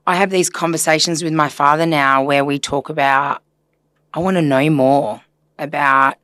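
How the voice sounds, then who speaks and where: A woman's voice: sits low, a bit bright, no room sound. A woman therapist talking earnestly and reflectively in a casual podcast conversation, chatty with filler words. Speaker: systemic therapist guest.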